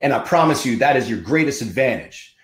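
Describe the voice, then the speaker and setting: A man's voice: medium pitch, expressive, a little fast, reverberant. A man hosting a podcast, giving an emphatic, fired-up motivational monologue with punchy repetition. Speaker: podcast host.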